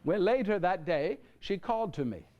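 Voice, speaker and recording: With a high-pitched, expressive voice at normal speed, a young adult man performs a one-man show as a flustered, earnest nineteen-year-old carpenter. The recording has cut-off highs and background noise, from a live audience in a church. Stammering and repeating himself, he speaks directly to the crowd.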